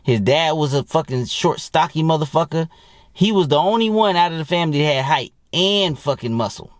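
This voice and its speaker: A man's voice: on the high side, animated, brisk, no room sound, studio quality. A man working as a dating coach, talking in a blunt, heavily profane, rambling monologue to his viewers. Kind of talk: casual profane monologue to camera.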